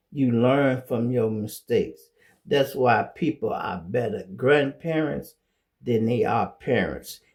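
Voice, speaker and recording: A middle-aged man with a Chicago accent telling casual stories as a show host, acting out quoted voices. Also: mid-range voice. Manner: animated, acts out quoted voices. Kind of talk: casual storytelling monologue.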